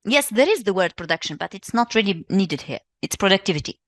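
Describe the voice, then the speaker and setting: A woman with a Tunisian accent leads a live revision lesson, walking her students through exercises in English. Her voice sits in a mid range and comes across dry and close, with no room sound. She keeps repeating the answers and heaping on quick praise. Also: medium pitch, sing-song, no room sound. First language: Tunisian Arabic. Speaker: English teacher.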